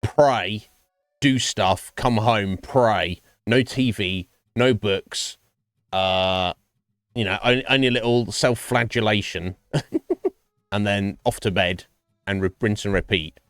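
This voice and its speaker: A man's voice: lowish voice, slow, fairly bright tone, no echo, studio quality. A man streaming and chatting casually with his viewers, rambling and swearing freely. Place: home streaming setup.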